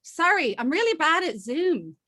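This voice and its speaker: A woman novelist chatting on a video call, excitable and self-deprecating. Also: extremely high pitch, a little slow. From Ireland and Canada. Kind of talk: casual chat on a video call.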